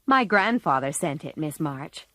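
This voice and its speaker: A woman's voice: deep voice, big pitch swings, measured pace, fairly bright tone, no room sound, pitched below the performer's own voice, exaggerated voice. A woman voicing a shy, polite teenage boy in a storybook reading.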